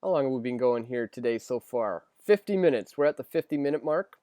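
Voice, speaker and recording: A man's voice: mid-range voice, lively intonation, fairly quick, warm tone, no room sound, clean studio sound. A young man hosting a casual live stream, reading viewer questions aloud and rambling through answers with lots of fillers and restarts. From Canada.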